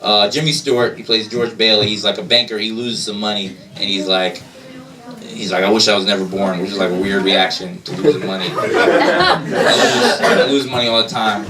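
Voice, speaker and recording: A man's voice: lowish voice, normal speed. A man performing a stand-up comedy set on a club stage, self-deprecating and laughing between lines. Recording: distant mic, loud crowd laughter.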